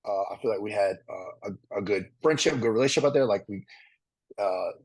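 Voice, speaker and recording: A man answers interview questions at a quick clip. His voice is husky, and he rambles, doubling back and restarting his sentences. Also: lowish voice, rough recording. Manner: fast, rambling, with many restarts and fillers. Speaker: reality competition contestant. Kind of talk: casual interview.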